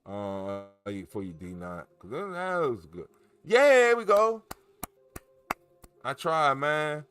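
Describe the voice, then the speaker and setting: Animated rambling man hosting a livestream. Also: fairly high pitch, takes it slowly, faint music behind. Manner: animated, rambling and jokey, with many restarts. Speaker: cannabis grow livestream host. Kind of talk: casual livestream chat.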